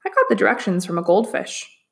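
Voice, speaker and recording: A woman's voice: mid-range voice, wildly swooping pitch, fast talker, gravelly. A woman voicing a kind, curious young village girl who speaks earnestly in a storybook reading.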